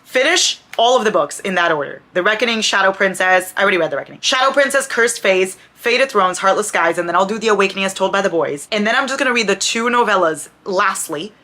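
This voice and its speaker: A young woman, chatting casually in a book vlog, animated and gushing, swearing freely. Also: mid-range voice, fast, hardly any pauses. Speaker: book vlogger. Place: home at night.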